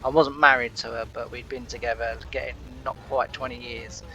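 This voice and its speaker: A man's voice: mid-range voice, flat delivery, moderate pace, sharp tone, muffled recording. Rambling man telling a story. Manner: rambling, laughs often, retells talks with "I said". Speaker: gaming channel host. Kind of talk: casual storytelling.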